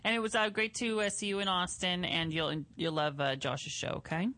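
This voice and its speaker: A man's voice: high-pitched, level tone, bright, forceful tone, no echo. A man co-hosting a call-in radio show, playful and campy, talking into a studio mic. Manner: playful, campy, quick to laugh. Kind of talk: casual comedic radio chat. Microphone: studio microphone.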